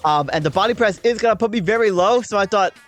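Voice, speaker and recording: A woman's voice: mid-range voice, fast talker, faint music behind. A woman hosting a gaming channel, talking through a game battle in a casual, chatty way and explaining her thinking with frequent "um" and "like".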